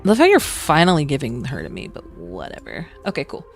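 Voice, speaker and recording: Playful woman streamer, lively pitch, casual chat over clear background music. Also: brisk. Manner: chatty and playful, greets chat, hums, laughs often. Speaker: streamer, virtual singer and gacha player. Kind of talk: casual live-stream chat while gaming.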